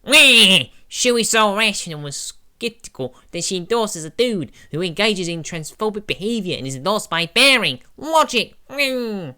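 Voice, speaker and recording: A man voicing a whiny, shrieking Waluigi-style villain in a nasal, wailing falsetto. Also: very animated, a little slow, few pauses, bright, forceful tone, smooth, exaggerated voice. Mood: mocking whine. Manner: mocking, petulant.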